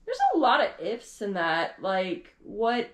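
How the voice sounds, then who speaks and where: A woman's voice: mid-range voice, expressive, slow pace, reverberant. A woman co-hosting a casual chat, jumping in with her own comments on a shared trip story. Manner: chatty, jumps in, adds comments. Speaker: podcast co-host.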